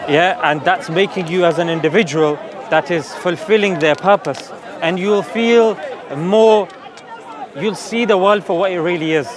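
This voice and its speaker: A man argues his faith in an open-air debate, earnest and persuasive, often checking in with a quick "yeah?". His voice sits high for a man. A crowd murmurs around him outdoors. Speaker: street preacher. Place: outdoor public park.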